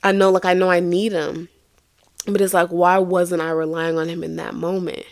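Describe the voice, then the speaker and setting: A woman's voice: lowish voice, level tone, moderate pace, dry recording. Earnest woman telling a story, dry sound. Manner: earnest, confessional, with many restarts. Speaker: podcast host. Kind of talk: candid faith-based storytelling.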